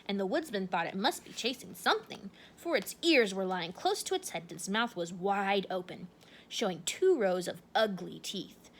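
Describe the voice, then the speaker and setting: A woman reading a children's book aloud in an expressive, animated way. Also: mid-range voice, a little hiss or hum. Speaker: storybook reader.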